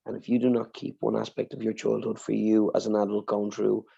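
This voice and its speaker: Gravelly man telling a heartfelt story. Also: lowish voice, completely flat delivery, brisk, dark tone, highs cut off. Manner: swears freely, tells stories with feeling. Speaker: podcast co-host. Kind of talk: emotional personal storytelling.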